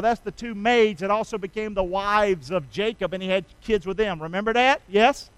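A middle-aged man preaching a sermon, calling on the congregation to repeat lines with him and rising loud on key phrases. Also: high-pitched, normal speed, hardly any pauses, clean tone, no echo, low-quality recording. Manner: call-and-response preaching, asks congregation to repeat. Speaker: pastor.

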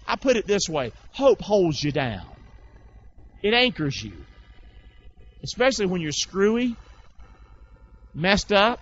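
Emphatic, high-voiced male preacher. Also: a bit bright, dull audio. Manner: emphatic call-and-response preaching; reads scripture aloud in bursts. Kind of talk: sermon.

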